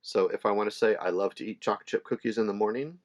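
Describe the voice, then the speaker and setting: A middle-aged man teaching ukulele in a relaxed, chatty way, with fillers and small laughs. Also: lowish voice, fast. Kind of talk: casual instructional talk. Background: ukulele playing between phrases.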